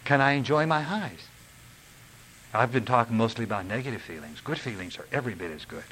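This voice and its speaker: An older man, talking in an earnest, rambling, confessional way. His voice sits at an ordinary middle pitch. There is a faint hiss under the recording. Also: expressive, a little fast, fairly bright tone, low-quality recording. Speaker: recovery speaker. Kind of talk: recovery talk.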